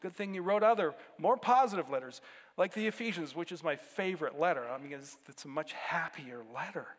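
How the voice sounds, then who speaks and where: A man's voice: on the high side, animated, brisk, big-room sound. A man pastor giving a conversational sermon, breaking into sudden emphatic bursts.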